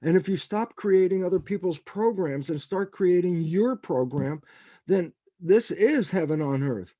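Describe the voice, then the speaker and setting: An older man speaks in a slightly high but dark, mellow voice with a gravelly edge. He tells his stories with animation and acts out what people said. The sound is dry and close. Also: measured pace, no room sound. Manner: animated storyteller, acts out quotes. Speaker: guest scientist. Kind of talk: storytelling in a podcast interview.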